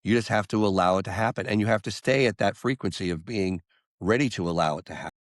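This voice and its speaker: A man, a singer-songwriter guest on an interview podcast, telling a story and acting out the quotes with lively jumps in voice. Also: fairly low pitch, fast, dry recording, studio quality.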